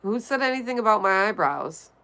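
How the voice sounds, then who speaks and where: Working through viewer comments on her livestream, a woman reads messages out and replies in a blunt, offhand manner, stopping now and then to vape. Her voice is smooth, clean, and animated with a sharp tone, sitting at a medium pitch in a middle register.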